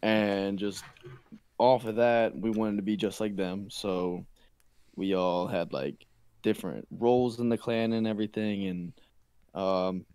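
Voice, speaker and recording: Young man, podcast guest, lowish voice, halting, dry recording. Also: fairly even intonation, a little mellow, smooth, no echo. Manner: halting, full of ums and uhs. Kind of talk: casual podcast chat.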